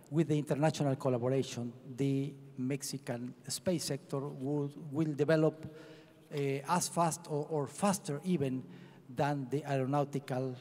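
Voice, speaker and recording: Man, agency head, mellow dark voice, halting and restarting, long hall reverb. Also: medium pitch. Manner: halting, many restarts and fillers. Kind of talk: conference speech. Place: large conference hall. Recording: echoey large hall.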